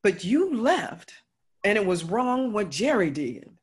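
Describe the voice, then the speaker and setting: A woman playing a husky remorseful friend. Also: medium pitch, very animated, takes it slowly, heavily acted. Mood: confessing, earnest. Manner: earnest, motherly, heartfelt. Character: remorseful older woman friend confessing a wrong. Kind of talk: stage play acting.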